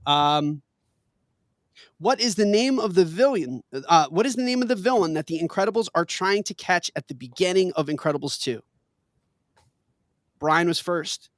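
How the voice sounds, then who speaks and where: A man's voice: high voice, expressive, moderate pace, long pauses, no room sound, studio quality. A man hosting a casual trivia game, reading questions with playful emphasis and laughing often. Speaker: quiz host.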